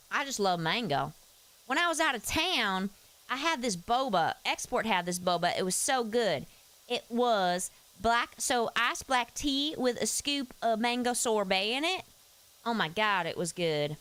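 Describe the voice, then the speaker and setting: A folksy Southern woman gabbing away in a casual stream chat, as a streamer puts her on. Her voice sits fairly high and swoops around a lot, and it stays clean and smooth. She drawls through her stories in a loose, friendly way. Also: a bit bright, rough recording.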